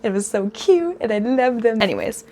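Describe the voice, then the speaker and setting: A woman in her twenties telling a storytime vlog, gushing and excitable, speeding up in rapid bursts. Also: on the high side. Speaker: vlogger.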